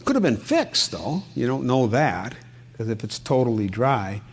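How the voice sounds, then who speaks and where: A man's voice: mid-range voice, very animated, unhurried, slightly rough. Brief: middle-aged man, home inspector presenting a seminar, folksy storyteller, asks the room questions. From Wisconsin. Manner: folksy, asks the audience questions, tells anecdotes. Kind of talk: conversational seminar talk.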